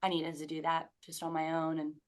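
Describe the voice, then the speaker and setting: A woman with a somewhat low voice tells a personal story as a podcast guest. She talks in a candid, animated way, swears without a second thought and acts out what she said back then. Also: a little fast. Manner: acts out her own past remarks in quotes.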